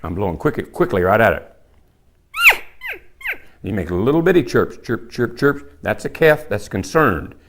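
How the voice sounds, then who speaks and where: A man's voice: on the low side, sing-song, moderate pace, vocal fry, pauses often, very noisy. An older man with a folksy, plainspoken manner, teaching elk calling and demonstrating the calls as he talks. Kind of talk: hands-on calling tutorial.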